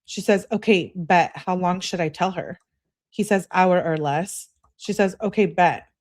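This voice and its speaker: A woman hosting a true-crime channel, reading a couple's text messages aloud in a casual way and breaking off for quick remarks of her own. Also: lowish voice, a little mellow. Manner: reads texts aloud, breaks off with quick asides. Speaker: host reading case evidence.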